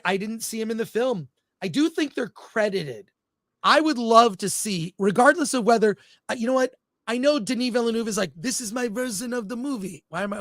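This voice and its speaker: A man's voice: sits high, fairly bright tone, no room sound, clean studio sound. A man co-hosting a film podcast in casual, opinionated chat, reading out live chat comments as he goes. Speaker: podcast co-host.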